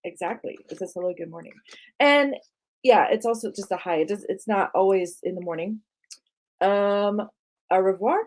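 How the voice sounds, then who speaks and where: A woman's voice: mid-range voice, normal speed, darkish tone. A woman hosting a live art tour for kids, playfully quizzing a child on words and laughing often. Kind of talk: live-stream lesson for kids.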